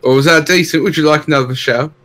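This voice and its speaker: A man's voice: on the high side, fast, a bit bright. A man playing a tabletop game, hesitant and playful, cracking jokes. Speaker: player. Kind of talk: casual tabletop game play.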